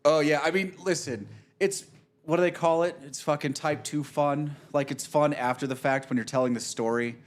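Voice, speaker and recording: A man with a fairly high voice, speaking at a normal speed, casually tells a long golf story. He swears freely and animatedly acts out what people said.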